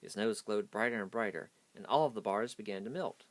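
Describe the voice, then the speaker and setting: A man's voice: lowish voice, a little fast, no room sound. A man hastily reading a children's picture book aloud. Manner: hasty reading. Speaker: storyteller.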